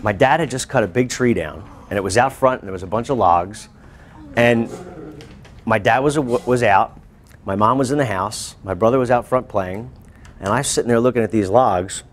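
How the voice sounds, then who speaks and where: A male teacher telling a class a lively personal story in a school classroom. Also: on the low side, a little hiss or hum. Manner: animated, acts out voices and screams.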